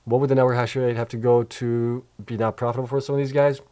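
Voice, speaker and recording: A man's voice: mid-range voice, flat delivery, fast, warm tone. A man hosting a casual livestream, tired and yawning, thinking aloud as he rambles through spreadsheets and answers questions. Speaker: host of a crypto mining channel.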